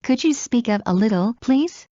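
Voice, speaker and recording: A woman reading common English phrases aloud one by one in a clear, measured way, as in a language lesson. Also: a little high, expressive, warm tone, no echo. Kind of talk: slow read-aloud phrase drills. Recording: dull lo-fi recording.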